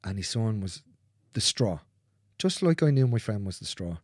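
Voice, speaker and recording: A man speaking as a guest in a candid conversation, earnest and repetitive, swearing freely and dropping into soft, near-whispered phrases. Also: on the low side, very animated, normal speed, no room sound, studio quality.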